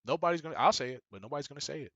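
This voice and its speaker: Fast-talking, emphatic man lecturing. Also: on the high side, animated, a bit bright, breathy edge, no room sound, dull audio. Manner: emphatic, preachy, repeats himself. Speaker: business coach. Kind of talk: casual monologue commentary.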